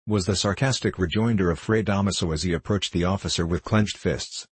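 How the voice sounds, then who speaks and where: A man narrating an audiobook in a measured, even reading. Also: sits low, husky, no echo. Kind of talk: scripted narration.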